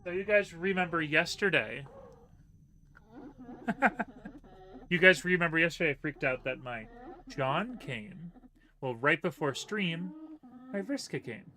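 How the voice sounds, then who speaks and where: A man's voice: fairly high pitch, expressive, normal speed, pushed and bright, slight background noise. A man streaming a video game, chatting casually with viewers and reading the game's text aloud. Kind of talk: casual let's-play commentary. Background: game music.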